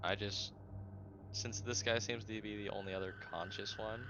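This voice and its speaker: A man's voice: fairly low pitch, fairly even intonation, normal speed, muffled recording, very noisy. A man playing a tabletop game who talks in a dry, matter-of-fact way. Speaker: player. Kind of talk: casual tabletop game chat.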